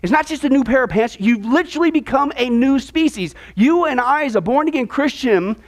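High-voiced, animated man teaching. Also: fairly quick. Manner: emphatic, keeps checking with "okay?". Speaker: Bible class teacher. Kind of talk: teaching a discipleship class.

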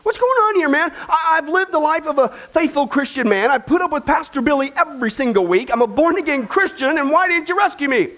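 A man's voice: very high voice, very animated, moderate pace, a bit bright, exaggerated voice. A man voicing a stubborn, confused churchgoing man stranded in a flood, who insists and protests. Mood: confused, protesting.

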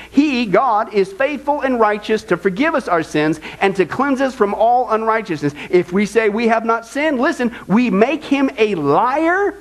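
A man preaching a sermon as pastor, conversational and animated, often checking in with "okay?". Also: extremely high pitch, low-quality recording.

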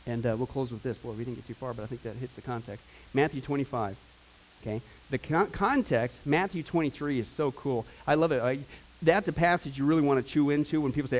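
A man teaching a Bible class in a casual, rambling way, with joking asides and bursts of loud preaching. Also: mid-range voice, quick pace, poor audio.

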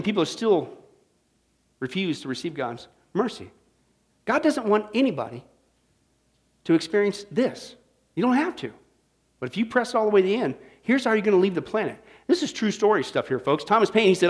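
A man preaching a sermon, emphatic and folksy, often checking in with his listeners and swinging between loud declarations and hushed asides. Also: high-pitched, very animated, fairly quick. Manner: folksy, asks the audience "right?".

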